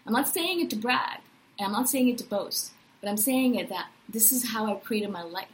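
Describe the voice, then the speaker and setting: Upbeat woman in her thirties, slightly high voice. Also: normal speed, rough recording. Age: 30s. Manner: enthusiastic, animated, often tags "right?". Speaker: podcast host. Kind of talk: casual personal monologue.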